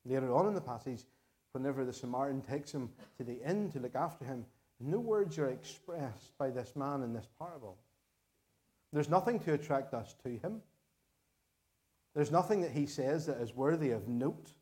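A man's voice: mid-range voice, animated, warm tone. Earnest Northern Irish male preacher. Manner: earnest, measured, repeats key phrases for emphasis. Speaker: pastor. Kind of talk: sermon.

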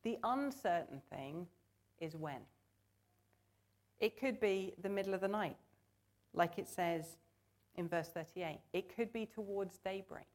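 A woman's voice: mid-range voice, lively intonation, measured pace, pauses often, a little mellow. A woman preaching a sermon in church, earnest and conversational, asking the congregation to join in.

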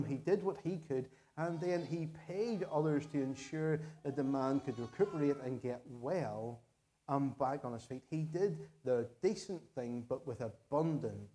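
Northern Irish male pastor, mellow voice, earnest sermon delivery, repeats phrases for emphasis. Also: mid-range voice.

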